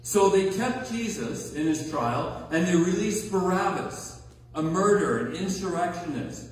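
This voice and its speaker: Slow, emphatic pastor in an echoey hall. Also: male voice, sits high, expressive, a little hiss or hum. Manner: conversational, emphatic, checks in with audience. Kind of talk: sermon. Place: large hall or sanctuary. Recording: echoey hall recorded from far off.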